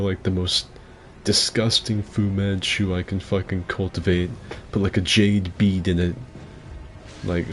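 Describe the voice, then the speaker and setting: A man with a rough, gravelly voice giving crude, joking commentary on a game fight club and answering chat as the host. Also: sits low, slight background noise. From mixed heritage, partly Asian. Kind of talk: casual gaming commentary.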